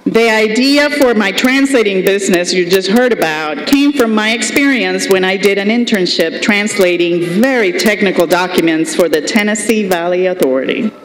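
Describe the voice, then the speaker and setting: A woman's voice: mid-range voice, normal speed, few pauses. Colombian-accented woman in an echoey hall. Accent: Colombian Spanish. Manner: humorous anecdotal storytelling. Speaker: commencement speaker. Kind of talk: commencement speech. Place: large ceremony hall. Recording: echoey hall with long reverb.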